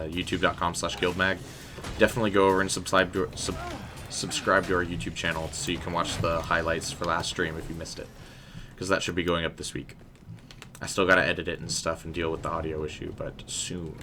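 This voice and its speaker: A man's voice: low voice, noisy background. A man streaming a game, chatting casually and rambling as he answers his chat. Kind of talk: casual live gameplay commentary.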